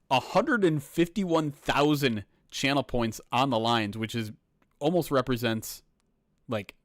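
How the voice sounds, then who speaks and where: A man's voice: medium pitch, fairly bright tone, no echo, studio quality. A man hosting a livestream as a sports reporter, rambling casually with loose swearing.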